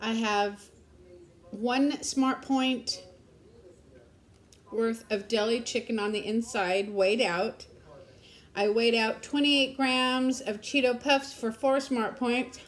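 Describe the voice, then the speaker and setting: Woman, vlogger, casual chat, storytelling, laughs a lot, somewhat high pitch. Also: fairly even intonation, takes it slowly, long pauses. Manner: chatty, laughs often while telling stories.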